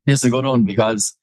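A young man with an Irish accent, chatting casually as a podcast guest over a video call, quick and full of fillers. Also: mid-range voice, darkish tone, no echo, low-quality recording. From Ireland. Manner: quick talker with many fillers. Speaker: guest, personal trainer.

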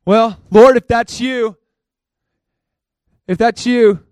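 An eager, excitable fisherman Peter, as a preacher puts him on, raised in pitch and calling out loudly. He is pleading and keen, and the sound is dry. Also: slow pace, no room sound.

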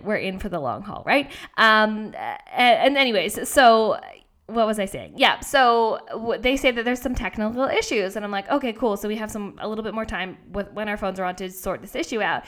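A woman's voice: mid-range voice, expressive, normal speed, fairly bright tone. A young woman hosting a podcast, telling a story casually and animatedly, acting out her own lines and swearing freely. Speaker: podcast host.

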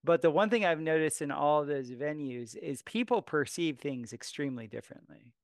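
A man with a smooth, resonant voice pitched a little high muses in a relaxed podcast conversation. He thinks aloud in a loose, wandering way, and the recording is dry and close. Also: a little fast, no room sound. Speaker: massage therapist and astrologer. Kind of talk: casual podcast chat.

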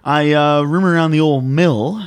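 A man's voice: a little high, normal speed, smooth, no echo. A man playing a tabletop game, brash and joking in character. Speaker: player.

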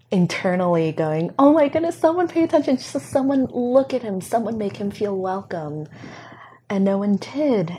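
A young woman speaking softly and reflectively, recounting a personal story in a conversation, with frequent pauses and fillers. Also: on the low side, a little hiss or hum. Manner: soft-spoken, reflective, with many fillers. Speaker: guest.

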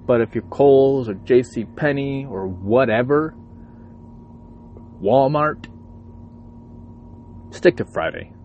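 A man's voice: medium pitch, takes it slowly, pauses often, highs cut off, slight background noise. A man, a truck driver, talking casually from his parked truck cab at a truck stop and ranting profanely with lots of energy. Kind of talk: casual vlog monologue.

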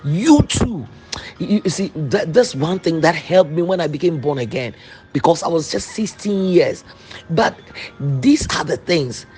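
Woman preacher going hard, repeating lines over and over, shouting bits out. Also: low voice, expressive, measured pace. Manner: fervent, repetitive declarations, rising to shouts. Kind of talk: sermon.

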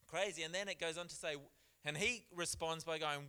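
A man delivering a church sermon, his voice a touch high and clean-toned. He hammers points with repetition and moves between hushed remarks and loud emphatic scripture readings. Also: moderate pace, smooth. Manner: preaching with emphatic repeats, shifting loud and soft. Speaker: pastor.

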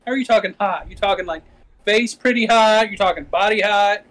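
A man on a podcast who argues his point in a rambling way and keeps circling back. His voice sits high for a man. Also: fairly quick, fairly bright tone, poor audio. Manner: rambling, argumentative, many fillers. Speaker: podcast co-host. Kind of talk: casual banter.

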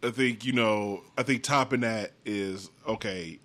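Low-voiced profane podcast co-host. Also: male voice, a little slow, fairly bright tone. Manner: loose, profane, rambling with restarts. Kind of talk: casual chat.

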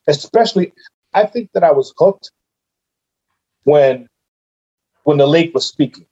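Guy guest on a podcast, kinda high voice, tells stories animated, muffled audio. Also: unhurried, long pauses, slightly rough. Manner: animated, acts out his own reactions in quotes. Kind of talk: casual storytelling in conversation.

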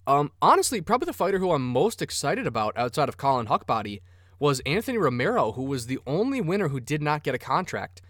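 A man's voice: a little high, big pitch swings, fast talker, a bit bright, no room sound, clean studio sound. A man hosting a sports podcast, rambling casually and cursing freely. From Minnesota. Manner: profane, rambling, enthusiastic. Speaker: podcast host.

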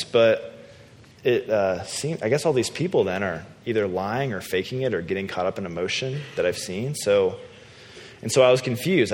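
A man preaching a sermon in a relaxed, conversational, self-deprecating storytelling way. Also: on the low side. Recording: long hall reverb.

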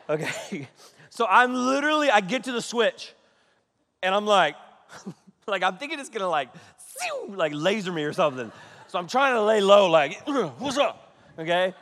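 A man in his thirties, a pastor telling a funny story in a sermon, animated, keeps checking in with "okay?" and laughs along. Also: high voice, normal speed, pauses often. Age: 30s. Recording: reverberant hall.

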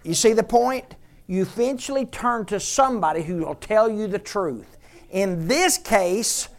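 A man's voice: high voice, lively intonation, unhurried. An older man preaching a sermon as pastor, conversational and joking, firing off rhetorical questions.

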